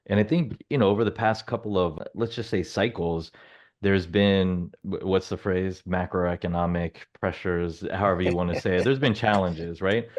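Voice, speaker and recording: A man's voice: low voice, fairly even intonation, normal speed. A man co-hosting a business podcast, chatting casually with self-deprecating humor and lots of fillers. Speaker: podcast co-host.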